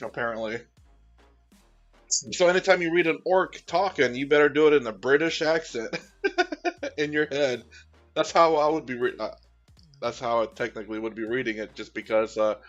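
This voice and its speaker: A man's voice: on the high side, normal speed, fairly bright tone, faint music behind. A man streaming as he paints miniatures, chatting casually with viewers in a rambling, easygoing way with many fillers and restarts. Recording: dull, slightly lo-fi sound.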